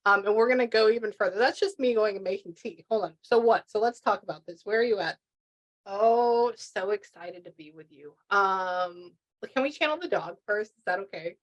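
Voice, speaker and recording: A woman's voice: medium pitch, normal speed, dull audio. A woman doing a casual reading session as a pet medium, chatty and rambling, full of restarts and fillers.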